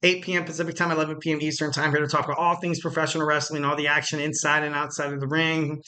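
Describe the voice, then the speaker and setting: A man hosting a wrestling podcast alone, rambling casually with jokes, fillers and quick self-corrections. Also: fairly high pitch, flat delivery, pushed and bright. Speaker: podcast host.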